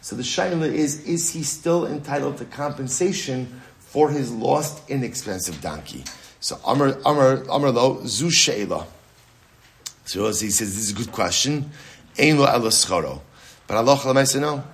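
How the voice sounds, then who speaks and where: A man's voice: mid-range voice, moderate pace. A man in middle age leads a Talmud class with lots of energy, his voice sitting in an ordinary middle range. He poses questions and answers them himself. He circles back over each point, repeating it for emphasis. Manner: animated, asks and answers his own questions, repeats phrases, Hebrew and Aramaic terms. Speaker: rabbi teaching Talmud.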